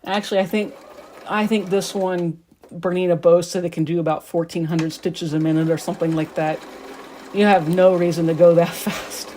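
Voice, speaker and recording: A middle-aged woman with a lowish voice, talking in a loose, rambling way while she works at her quilting. She chats on casually from her sewing room. A sewing machine hums faintly behind her. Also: fairly even intonation, normal speed, dark tone, a little hiss or hum. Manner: rambling, chatty, talks while working.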